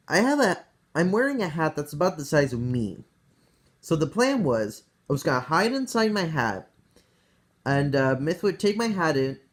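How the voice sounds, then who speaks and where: A player casually retelling a tabletop game session, rambling with many "like"s and "uh"s and chuckling between bits. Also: mid-range voice.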